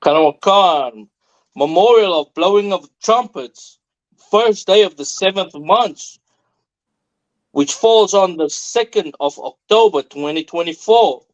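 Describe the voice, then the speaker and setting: Male class leader reading out formal announcements in a slow, measured way. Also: high voice, lively intonation, lo-fi sound. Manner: measured, formal, ceremonial call-outs.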